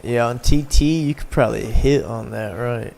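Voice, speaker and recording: A man's voice: mid-range voice, moderate pace, gravelly, darkish tone, slight background noise. A man hosting a casual gaming livestream, chatting loosely with his viewers while he plays. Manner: laid-back, chatting with viewers while playing. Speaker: livestream host.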